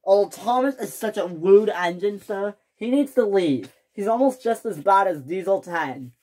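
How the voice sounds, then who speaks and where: A woman voicing a vain, hot-tempered young male steam engine in a toy train story, whining, shouting and sobbing. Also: mid-range voice, animated, measured pace. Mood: indignant. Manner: whiny, shouting and sobbing in outbursts.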